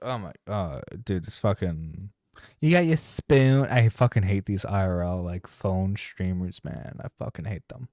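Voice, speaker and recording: A man's voice: deep voice, moderate pace, few pauses, a little mellow. Sweary, rambling male streamer. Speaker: streamer host. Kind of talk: profane casual commentary.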